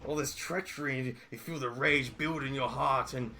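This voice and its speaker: A man narrating as game master, telling the story in a lively, improvised way. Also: medium pitch, moderate pace.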